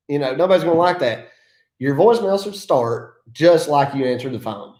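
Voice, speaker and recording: A man's voice: a little high, animated, normal speed, warm tone. A man from the mountains of North Carolina with an Appalachian accent, giving folksy, self-deprecating business advice in a casual vlog. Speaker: land clearing contractor. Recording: echoey room.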